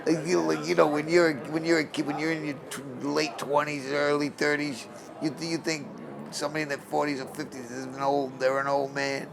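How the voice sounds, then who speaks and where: A man's voice: on the high side, level tone, brisk, gravelly. A man in his sixties, a former boxer, talking bluntly and emphatically in an interview and often restarting his phrases. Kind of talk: interview storytelling. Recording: crowd noise around the mic. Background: crowd murmur.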